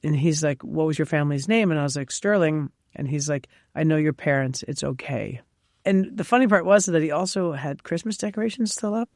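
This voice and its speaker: A woman chef from New York, a guest on an interview show, telling lively stories with frequent laughs and fillers. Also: deep voice, brisk, no echo, clean studio sound. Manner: animated storyteller, laughs often, many fillers. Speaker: chef and cookbook author, guest. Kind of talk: casual interview chat.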